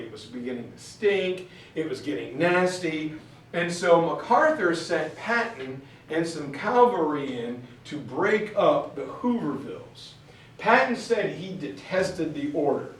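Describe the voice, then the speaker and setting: A man teaching a history class, telling the story in a casual, chatty, animated way. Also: fairly high pitch. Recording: very echoey room, far from mic.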